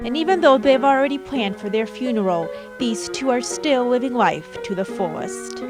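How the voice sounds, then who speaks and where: A woman's voice: on the high side, expressive, moderate pace, music in the background. A woman narrating a news report with an upbeat, polished delivery.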